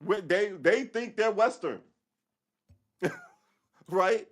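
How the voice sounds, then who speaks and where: A man's voice: high-pitched, expressive, very slow. A man hosting a livestream, delivering a rambling, sarcastic political monologue with frequent profanity. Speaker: livestream host.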